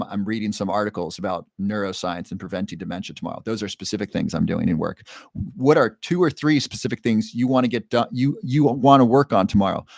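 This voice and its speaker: A man hosting a live stream, reading viewer comments and coaching them with quick, earnest questions. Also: lowish voice, a little mellow, no room sound, studio quality. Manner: encouraging, coaching with rapid questions; earnest, emotional at times. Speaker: livestream host.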